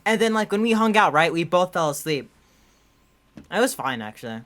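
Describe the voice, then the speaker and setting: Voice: mid-range voice, big pitch swings, brisk, fairly bright tone. A young adult podcast co-host telling a story in casual chat, rambling and full of "like" and restarts. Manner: rambling, heavy use of "like" and restarts.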